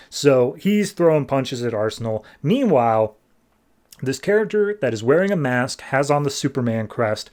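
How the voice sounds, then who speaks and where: A man hosting a podcast, casually retelling comic book scenes and quoting the characters in quick bursts of voices. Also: medium pitch, lively intonation. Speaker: podcast host recapping comics.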